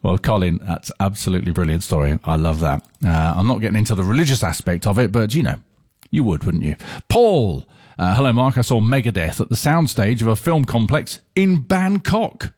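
Husky-voiced rock radio DJ man. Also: lowish voice, brisk, no echo, studio quality. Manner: chatty, animated, reads messages aloud with asides. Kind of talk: rock radio presenting, reading listener messages. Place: radio studio. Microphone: studio microphone.

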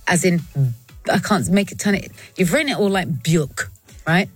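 A woman's voice: on the low side, animated. Playful radio presenter woman, faint music. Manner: playful, chuckling, quick asides. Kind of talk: radio call-in segment, reading listener puns.

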